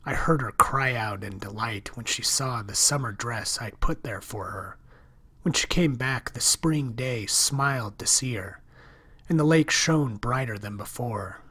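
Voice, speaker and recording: A man reading a short story aloud in the first person, with a measured storyteller's delivery. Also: mid-range voice, sharp tone, slightly rough. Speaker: story reader. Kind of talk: audiobook reading.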